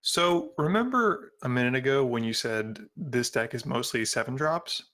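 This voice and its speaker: A man trades playful banter at a card table, teasing the others and poking fun at himself. His voice is mid-pitched and easygoing. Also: animated, moderate pace, pushed and bright. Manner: teasing, self-mocking. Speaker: card game player. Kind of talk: casual chat while playing a card game.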